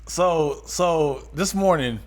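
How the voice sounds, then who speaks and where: A man co-hosting a casual podcast, telling stories in an animated way, acting out quotes with yells and laughter. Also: fairly high pitch, slow pace. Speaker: podcast co-host. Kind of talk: casual chat.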